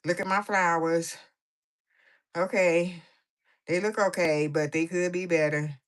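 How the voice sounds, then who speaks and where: A woman's voice: fairly low pitch, steady tone, unhurried, natural voice. A woman voicing a fed-up grown woman who grumbles and complains about her situation. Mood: complaining. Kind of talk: playful voiced commentary.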